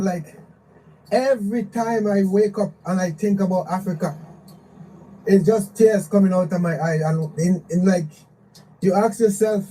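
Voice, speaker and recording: A man's voice: sits high, moderate pace, dark tone, recorded from a distance, a little hiss or hum, rough recording. A man calling into a live show, speaking emotionally and rambling, repeating himself often. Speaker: caller. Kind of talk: emotional call-in remarks.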